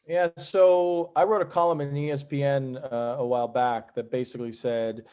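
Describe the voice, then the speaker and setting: A man's voice: mid-range voice, steady tone, fairly quick, few pauses, dark tone. A middle-aged man, a professional poker player, telling stories on a podcast and acting out the people in them. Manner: acts out other people's voices in his stories. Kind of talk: animated podcast storytelling.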